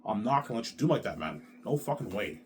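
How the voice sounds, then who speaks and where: Man, 30s, vlogger. Agitated, repetitive, swears constantly, with pitch swinging wide between loud outbursts and low mutters. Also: sing-song, fast, noisy background. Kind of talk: rambling monologue to camera.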